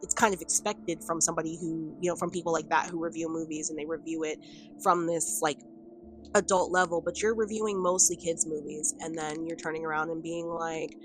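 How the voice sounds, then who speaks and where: Rambling woman vlogger, lowish voice. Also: steady tone, fairly quick, soft background music. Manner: rambling, filler-heavy with frequent "like" and "um"; chatty, laughs between points. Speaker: video commentator. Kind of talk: casual commentary vlog. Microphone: camera on a stand.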